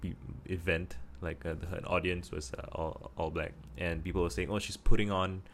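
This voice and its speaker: A man's voice: low-pitched, flat delivery, moderate pace, slight background noise. A man from Singapore with a Singaporean English accent, talking casually to camera and thinking aloud with many restarts. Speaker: vlogger.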